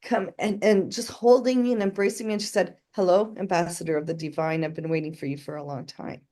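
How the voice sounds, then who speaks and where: A middle-aged woman appears as an interview guest, earnestly telling her story and performing the voices of people in it. Her voice is fairly low and warm, fairly quick, with fairly even intonation.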